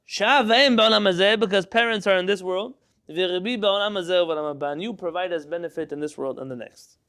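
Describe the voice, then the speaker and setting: A man's voice: high voice, racing, a bit bright, clear, resonant tone. A man teaching a Torah class, reading Hebrew text aloud, translating it line by line into English and quizzing his students.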